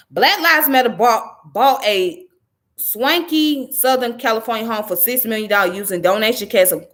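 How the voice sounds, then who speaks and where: A woman reading a news article aloud and commenting on it with indignant, profane outbursts. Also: medium pitch.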